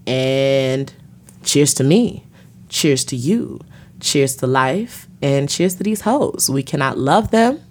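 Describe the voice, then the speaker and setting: A woman's voice: a bass voice, expressive, slow pace. A woman hosting a podcast, ranting bluntly with plenty of profanity. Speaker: podcast host. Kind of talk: profane comedic rant.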